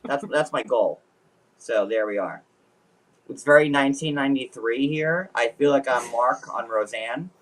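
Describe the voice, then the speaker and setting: A man's voice: mid-range voice, normal speed, a bit bright, recorded from a distance, slight background noise. A man in his forties hosting a podcast, chatting casually in a playful, rambling, jokey way. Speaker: podcast host. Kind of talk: casual recap chat.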